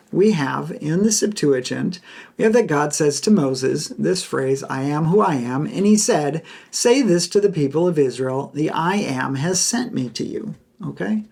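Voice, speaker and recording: A man hosting a Bible teaching podcast who explains a passage in a lecture style. He is emphatic, repeats key phrases and acts out quoted lines. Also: gravelly. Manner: acts out quoted speech with bright pitch jumps.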